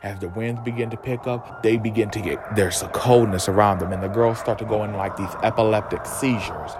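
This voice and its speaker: A man's voice: fairly low pitch, steady tone, a little fast. A man giving a campy, sassy, profane recap of a TV show. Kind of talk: casual TV recap. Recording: music playing under voice.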